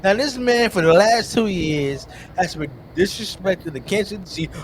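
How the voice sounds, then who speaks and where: A man co-hosting a casual sports podcast, talking in an animated, teasing way and calling out players directly. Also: high voice, moderate pace, hardly any pauses, slight background noise. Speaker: co-host.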